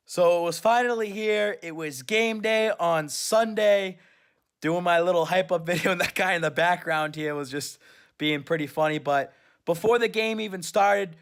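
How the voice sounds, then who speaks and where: A man's voice: fairly high pitch, fairly bright tone. A superfan man recapping his trip in a casual, rambling story. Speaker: superfan vlogger.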